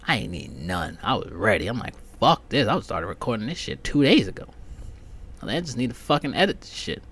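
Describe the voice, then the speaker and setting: A man hosting a casual comedic podcast monologue, rambling profanely with frequent fillers and sudden loud outbursts. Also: fairly low pitch, lively intonation, a little fast, slightly rough. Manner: frequent fillers like um and you know. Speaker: podcast host.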